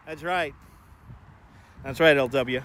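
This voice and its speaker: A man's voice: mid-range voice, slow pace, fairly bright tone. A man hosting a casual live walking stream outdoors, chatting and joking with viewers by name on a wireless clip-on mic. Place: outdoors on busy city streets and bridges. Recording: street traffic noise behind.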